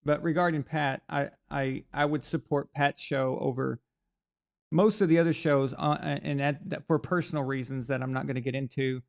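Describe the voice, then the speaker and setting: A man hosting a live sports talk stream talks at normal speed in a mid-range voice with fairly even intonation and vocal fry. Using a desk mic on camera, he meanders through opinions with many fillers and restarts.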